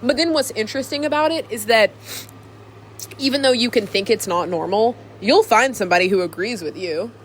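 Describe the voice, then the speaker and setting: A woman's voice: fairly high pitch, brisk, slight background noise. A young woman vlogging to her camcorder alone, chatting casually in a rambling, giggly way. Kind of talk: casual chat to camera. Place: alone in a room.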